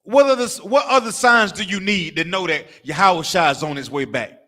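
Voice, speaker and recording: A high-voiced man speaking at normal speed preaches a fiery street-style sermon as the preacher of a religious camp. He swears freely, fires off rhetorical questions and call-and-response, and animatedly mimics crying and barking for laughs.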